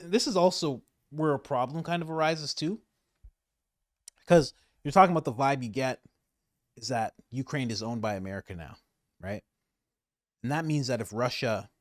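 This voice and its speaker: A man giving casual political commentary, animated, laughing often and repeating his points for emphasis. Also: medium pitch, no room sound, clean studio sound.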